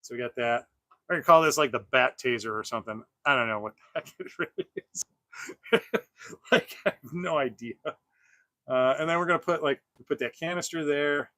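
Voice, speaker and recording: A man's voice: medium pitch, moderate pace, sharp tone, dry recording. A man hosting a casual toy-collecting livestream who rambles with lots of fillers and restarts. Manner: rambling, many fillers and restarts, laughs often. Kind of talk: casual livestream chat while unboxing.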